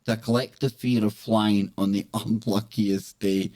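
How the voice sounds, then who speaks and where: A man's voice: fairly low pitch, steady tone, unhurried, mellow. A man hosting a live talk show, reading items and joking around playfully. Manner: jokey, playful, breaks into laughs and exclamations. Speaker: host. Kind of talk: casual live show chat.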